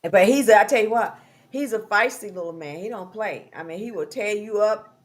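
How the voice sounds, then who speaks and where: Woman, talk host, casual chat, animated storytelling, voices her own dialogue. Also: mid-range voice, fairly quick.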